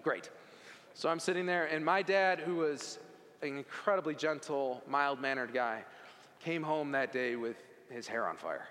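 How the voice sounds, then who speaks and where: A man giving a personal testimony at a worship service, in animated, conversational storytelling. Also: mid-range voice, a little slow. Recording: long hall reverb.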